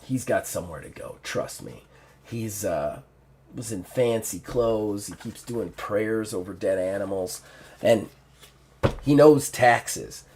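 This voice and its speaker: A man doing a gruff, grumbling orc. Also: on the low side, expressive, takes it slowly, darkish tone, slight background noise, voice pushed down. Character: big gruff male orc, grumbling and blunt.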